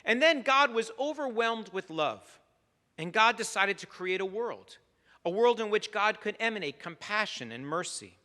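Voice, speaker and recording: A man, a rabbi, delivering a holiday sermon in measured, emphatic phrases with long pauses. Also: sits high, animated, pushed and bright. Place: synagogue sanctuary. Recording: long reverb of a large sanctuary.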